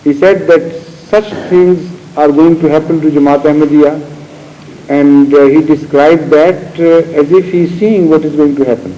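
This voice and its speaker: A man, a religious scholar, answers questions and explains scripture in a measured way with pauses and fillers, in an archival recording. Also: on the high side, steady tone, dark tone, dull audio. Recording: archival 1986 hall recording with long reverb and faint noise.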